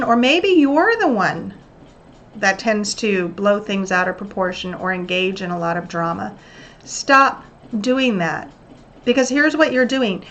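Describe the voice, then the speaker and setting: Brief: woman host, self-help tips, earnest coaching delivery, somewhat high voice. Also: a bit bright. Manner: earnest, coaching tone with acted-out examples. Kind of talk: motivational self-help talk.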